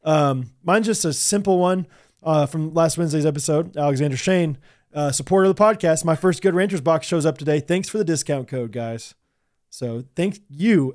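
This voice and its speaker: A man's voice: on the high side, a little mellow. A man co-hosting a podcast in casual chat, joking and laughing easily. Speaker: podcast co-host.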